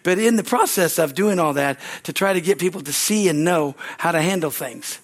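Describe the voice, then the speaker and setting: Male pastor, high voice, exuberant sermon, church service. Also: fairly quick. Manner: exuberant, exclaiming hallelujahs.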